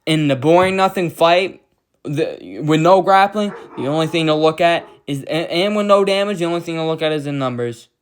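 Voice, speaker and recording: A man's voice: a little high, expressive, normal speed, a little hiss or hum. A man giving a casual fight recap, blunt and profane, rambling through his opinions. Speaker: MMA commentator.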